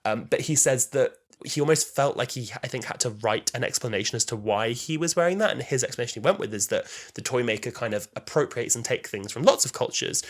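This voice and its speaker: Twenty-something guy reviewing a show on a podcast, talks really fast. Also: mid-range voice, expressive. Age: 20s. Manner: quick, opinionated review talk. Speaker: podcast co-host. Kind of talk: casual chat.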